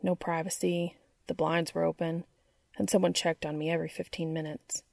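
A troubled, guarded man pushes through a halting, raw confession, as a woman reading the story voices him. His voice is low and gravelly, and the sound is dry and close. It stays near the reader's own voice. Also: flat delivery, darkish tone, no room sound. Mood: confessional.

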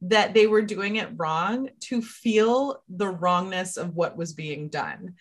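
A woman talking at length in a casual panel discussion, telling stories in an animated way. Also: on the low side, slow. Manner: talkative, animated storyteller, laughs often. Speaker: podcast panelist.

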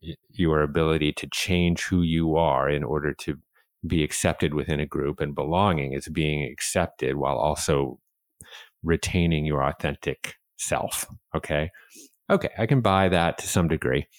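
A man hosting a podcast interview, telling stories in an animated, self-deprecating way. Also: a bass voice, no room sound, studio quality. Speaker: podcast host. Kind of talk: conversational interview.

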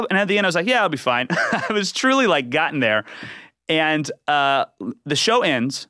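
A man, a comedian guest on a podcast, tells a rambling comic story and acts out the quotes with sudden jumps in pitch. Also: lively intonation, brisk, sharp tone, dry recording, clean studio sound.

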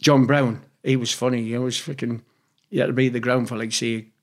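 Fairly quick and fairly even in intonation, this medium-pitched man is a former footballer with a Newcastle Geordie accent. He chats casually in an interview, bluntly spinning rambling tales full of swearing.

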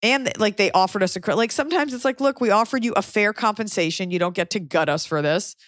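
A woman's voice: mid-range voice, fast talker, dry recording, studio quality. A woman comedian hosting a podcast, telling stories in casual chat and acting out other people's lines. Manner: animated storytelling, acting out quotes.

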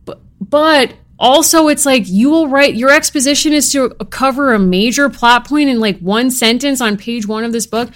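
A woman's voice: high-pitched, moderate pace, hardly any pauses. A woman co-hosting a podcast in casual chat, wry and dramatically exasperated as she picks apart a book. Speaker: podcast co-host.

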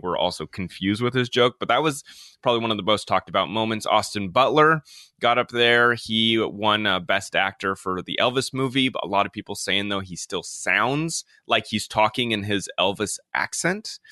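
A man chats casually as a co-host, recapping and rambling with fillers. His voice sits a little low and comes across bright and forceful, recorded dry and close. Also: dry recording. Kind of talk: casual chat.

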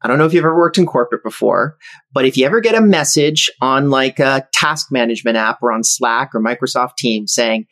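A man who is an entrepreneur and podcast guest, explaining his views in a measured way. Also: medium pitch, fairly bright tone. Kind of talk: casual interview chat.

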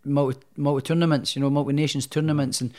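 A man's voice: fairly high pitch, fast talker. A young man, a professional boxer telling stories in a casual interview, with many restarts. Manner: rambling, animated storyteller with many restarts.

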